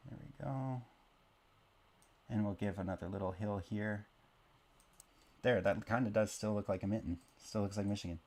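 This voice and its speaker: Low-pitched guy, casual rambling commentary, self-deprecating humor while drawing. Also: moderate pace, long pauses, a little mellow. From born in Canada, raised in Oklahoma. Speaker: map-drawing video creator.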